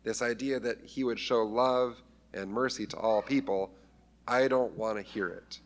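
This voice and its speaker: A man's voice: medium pitch, fairly even intonation, a little slow. A man preaching a conversational sermon, acting out scripture voices with humor. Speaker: pastor.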